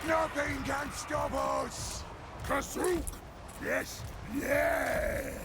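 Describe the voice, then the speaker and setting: Barking dwarf soldiers at war. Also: male voice, very high-pitched, steady tone, drawn-out words, gravelly, exaggerated voice. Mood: battle cries. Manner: barked battle cries and orders. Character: shouting male dwarf soldiers, fierce and vengeful. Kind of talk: game unit voice lines. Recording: loud game battle noise.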